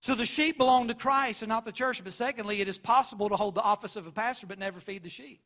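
Passionate high-voiced preacher man. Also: fast talker. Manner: passionate, shifts from quiet to loud. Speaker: pastor. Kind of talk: sermon.

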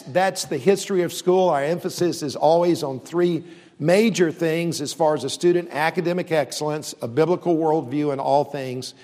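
A man's voice: a little high, a little mellow. A man who leads a university, speaking earnestly and steadily to a church audience, with frequent fillers and restarts. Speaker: university leader. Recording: long reverb.

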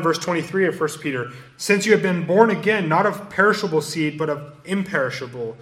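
A man preaching an expository sermon, quoting verses and explaining them. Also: fairly high pitch. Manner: expository preaching, quotes and rereads scripture. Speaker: pastor.

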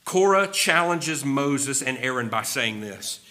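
A man's voice: mid-range voice, moderate pace, few pauses, sharp tone. A man preaching a sermon with emphasis, repeating key phrases and sometimes wandering off his notes. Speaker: pastor.

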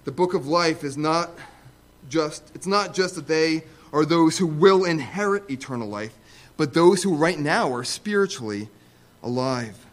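A male preacher with a notably high voice delivers a sermon. He talks in an easygoing, conversational way, then rises to loud, emphatic repetitions. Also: lively intonation, unhurried. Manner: emphatic, rising to loud repeated stresses; conversational asides with fillers.

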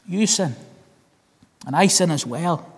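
Northern irish guy preaching, earnest, repeats himself for effect, high voice, echoey church hall. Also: lively intonation, takes it slowly, creaky, husky. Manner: earnest, repeats key phrases, addresses listeners as friend. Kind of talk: sermon. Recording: long hall reverb.

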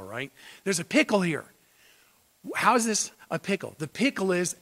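High-voiced emphatic man preaching. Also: fairly bright tone. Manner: emphatic, rhetorical questions, repeats key phrases. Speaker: pastor. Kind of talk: expository sermon.

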